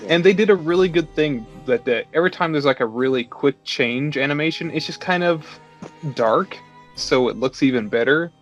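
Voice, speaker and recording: A man's voice: on the high side, moderate pace, lo-fi sound, soft background music. A man co-hosting a casual film review chat over beers, talking in a loose, easygoing way. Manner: relaxed, talks with many "like" fillers. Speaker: podcast co-host.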